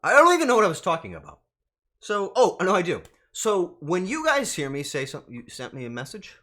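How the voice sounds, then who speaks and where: A man's voice: high-pitched, huge pitch swings, brisk, bright, forceful tone. A male streamer in casual live-stream chat, flustered and swearing as he banters with his chat.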